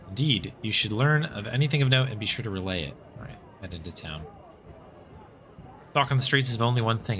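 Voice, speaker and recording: A man's voice: lowish voice, a bit bright, a little hiss or hum. An American man streaming a story game, reading its narration aloud with casual, chatty asides and thanking viewers.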